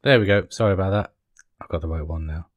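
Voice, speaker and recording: Low-voiced man explaining a model build. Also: quick pace, no echo, highs cut off. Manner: chatty, apologetic asides while working. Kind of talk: casual step-by-step build tutorial.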